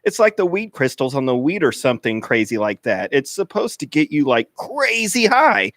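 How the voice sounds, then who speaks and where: A man's voice: mid-range voice, big pitch swings, normal speed, a bit bright, no echo, studio quality. A man playing a clingy, needy teenage boy in a comedy radio skit, talking in a whiny, overeager sing-song. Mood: eager.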